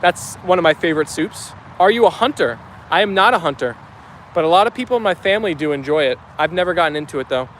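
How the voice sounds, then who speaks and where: A man's voice: a little high, lively intonation, fast, a bit bright, a little hiss or hum. Upbeat young man with New York Italian accent. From New Jersey. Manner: chatty, upbeat, many fillers. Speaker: vlogger reading live chat. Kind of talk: casual chat reading comments aloud.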